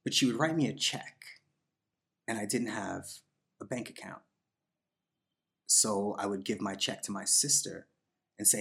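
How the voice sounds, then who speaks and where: A man who is a podcast guest, telling a personal story in a reflective, unhurried way, with fillers and voiced quotes. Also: on the low side, gravelly, a bit bright.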